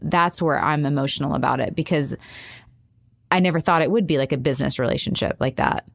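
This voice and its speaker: Low-voiced woman, halting and emotional. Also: gravelly. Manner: halting, many restarts, quoting herself, nervous laughs. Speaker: caller seeking advice. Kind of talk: emotional personal conversation.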